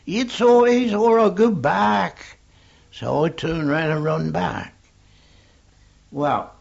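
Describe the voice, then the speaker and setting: A man's voice: mid-range voice, gravelly, slightly rough. An older man with an English accent, recalling his soldiering days in a rambling, plainspoken oral history on a dull old tape recording.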